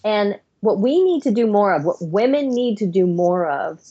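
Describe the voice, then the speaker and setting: A woman's voice: medium pitch, sing-song, normal speed, warm tone, husky, muffled recording. A middle-aged woman, a psychiatrist guest on a podcast interview, explaining her views earnestly in long, flowing runs.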